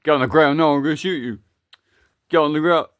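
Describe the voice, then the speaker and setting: A man voicing an aggressive armored trooper who shouts threats in a plush toy skit. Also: low-pitched, moderate pace, smooth, no room sound, dull audio, voice pushed down, lightly acted. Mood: threatening.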